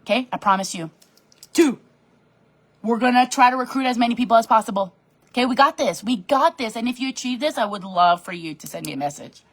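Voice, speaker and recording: Her pitch is fairly high and her pace fairly quick. She's a direct sales team leader rallying her sales team with a lively, bubbly live-stream pep talk at her home office desk, answering comments as they come in.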